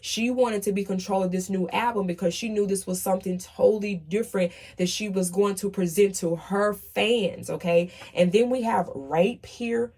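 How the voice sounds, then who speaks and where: Talking at a normal speed with few pauses, a woman delivers a casual tarot reading in a medium-pitched, darkish voice with a breathy edge. She stresses her points hard, tacks "okay?" onto nearly each one, and swears when worked up.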